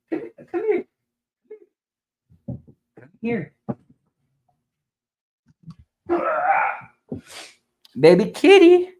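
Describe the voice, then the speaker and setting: A man hosting a live stream in casual chat, rambling and slow, now and then talking baby talk to his cat. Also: medium pitch, a little mellow, poor audio.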